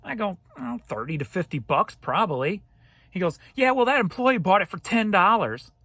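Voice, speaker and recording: A man, a thrift reseller, telling a story straight to camera in a casual, animated way, cursing now and then. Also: high-pitched, moderate pace, dry recording, clean studio sound. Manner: animated, profane ranting retelling.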